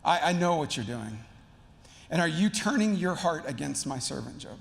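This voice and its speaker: A man voicing God, who calmly and pointedly confronts the adversary. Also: fairly high pitch, brisk, vocal fry, long reverb tail. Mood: knowing. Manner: knowing, pointed. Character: all-knowing male God, calmly confronting.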